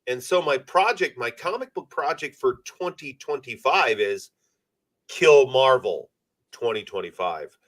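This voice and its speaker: A man's voice: medium pitch, sing-song, moderate pace, few pauses, a bit bright. A man talking as a guest on a casual podcast, passionate and emotional, swearing freely. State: teary-eyed. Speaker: guest, comic publisher.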